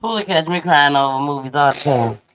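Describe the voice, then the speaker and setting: Middle-aged woman, low voice, chatty show host, laughs a lot, teasing. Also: brisk. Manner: laughs often, animated and teasing. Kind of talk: casual chat.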